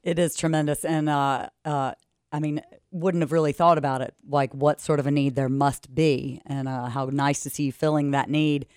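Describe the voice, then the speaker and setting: A man's voice: a little high, flat delivery, normal speed, darkish tone, smooth, dry recording, clean studio sound. A man hosting a radio interview, speaking enthusiastically and promoting his guest. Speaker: radio host.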